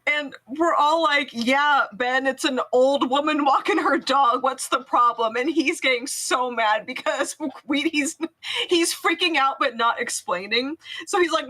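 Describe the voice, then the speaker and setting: A woman's voice: high voice, unhurried, bright, forceful tone, rough recording. A woman casually telling a spooky story to friends, laughing often and swearing freely.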